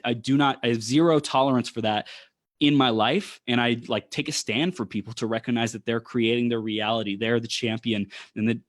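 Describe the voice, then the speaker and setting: A man's voice: fairly low pitch, no echo. A man talking as a podcast guest in an enthusiastic, motivational way, often repeating himself for emphasis. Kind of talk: enthusiastic casual chat.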